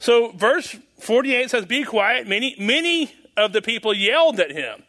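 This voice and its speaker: High-voiced folksy man preaching. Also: lively intonation, normal speed, pushed and bright. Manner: rambling, folksy, chuckles at own jokes. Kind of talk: informal sermon.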